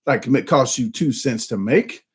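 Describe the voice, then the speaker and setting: A man with a Southern US accent hosting a casual live stream, rambling with lots of fillers and restarts, a little hoarse and coughing. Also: mid-range voice, expressive, a little slow.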